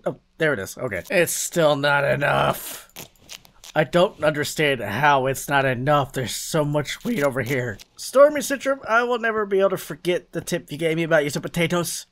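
Gamer host, man: excitable, swears and mutters to himself, lively high-ish voice. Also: moderate pace. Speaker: gaming YouTuber. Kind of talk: let's play commentary.

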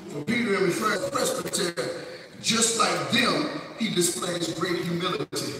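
High-voiced preacher in echoing church. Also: male voice, a crowd in the background. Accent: Southern US. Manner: emphatic preaching with shouted peaks and slow stretched phrases. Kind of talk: sermon. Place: large church sanctuary. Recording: echoey church audio from a distant mic. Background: congregation responding.

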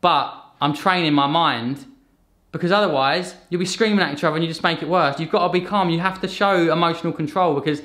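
A man, telling earnest stories in a relaxed interview and acting out the voices of others. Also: fairly high pitch. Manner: earnest, animated storytelling with acted-out quotes. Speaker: podcast guest, fitness coach. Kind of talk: casual conversation.

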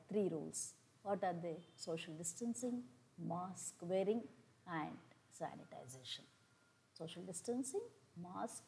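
Low mellow Indian woman lecturing. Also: creaky, slight background noise, low-quality recording. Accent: Indian English. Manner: explanatory, with frequent fillers and listed examples. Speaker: college lecturer. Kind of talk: classroom lecture.

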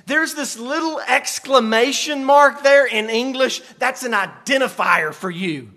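A male pastor preaching a sermon into a close microphone, moving between quiet asides and dramatic shouted passages. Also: very high voice, measured pace, few pauses. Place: church sanctuary.

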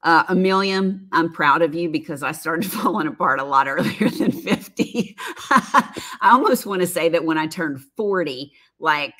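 A woman's voice: deep voice, expressive, normal speed, sharp tone. A woman in her fifties chatting casually on a live stream, reading viewer comments with frequent laughs and rambling asides. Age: 50s. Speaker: livestream host, former makeup artist.

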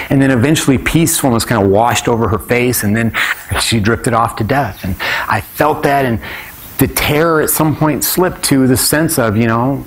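A man performing live stand-up storytelling on stage, talking to the audience in a conversational way and bursting into shouted exclamations. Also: medium pitch. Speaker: comedian and storyteller. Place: stage at a live conference event.

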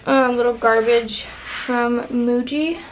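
Casual young woman vlogger, slightly high voice, rambly "like"-filled talk, roomy apartment sound with noise behind. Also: fairly even intonation, takes it slowly. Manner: rambling, heavy use of "like", candid. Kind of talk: casual vlog chat. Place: apartment, indoors. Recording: echoey room with background noise.

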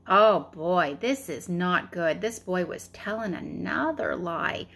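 A woman in her thirties reading a children's story aloud in an expressive, chatty way. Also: fairly high pitch, a little slow, husky.

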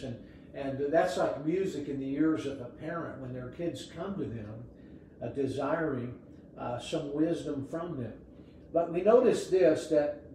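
A middle-aged man delivers a devotional sermon in an earnest, gentle way, stumbling over the odd word and filling pauses with "uh." His voice is warm and mellow. It rings around a very echoey room, picked up from a distance. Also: on the high side, a little hiss or hum. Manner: earnest, gentle preaching with frequent "uh" fillers and repeated words. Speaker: pastor.

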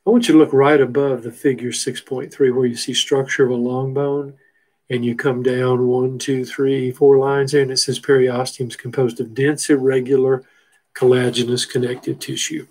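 A man's voice: medium pitch, fairly even intonation, normal speed, darkish tone, low-quality recording. A middle-aged man teaching a biology lecture from a textbook figure, folksy and full of rhetorical questions. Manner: folksy, asks rhetorical questions, repeats terms. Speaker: biology instructor. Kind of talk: recorded lecture walking through a textbook figure.

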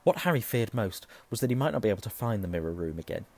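A hoarse man reading a novel aloud, hushing at tense moments and correcting himself. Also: on the low side, lively intonation, quick pace. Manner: self-correcting, softening to a hush at tense moments. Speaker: reader.

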